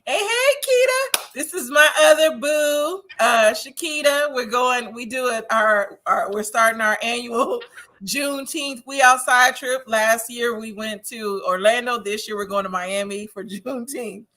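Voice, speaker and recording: Woman host from Wisconsin, casual recap chat, bright voice, opinionated and quick to laugh. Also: a little high. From Wisconsin, USA. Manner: chatty, laughs often, opinionated. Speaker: host of a TV recap show reading viewer comments.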